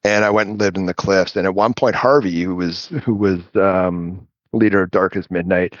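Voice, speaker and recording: Low-voiced man telling a long story. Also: fairly even intonation, moderate pace, dry recording, muffled recording. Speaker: guest. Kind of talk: casual storytelling chat.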